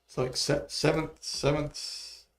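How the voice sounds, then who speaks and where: A man's voice: a little high, little pitch movement, takes it slowly, creaky. A man casually talking through music notation on a livestream, mumbling and thinking aloud as he works. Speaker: music producer streaming his work.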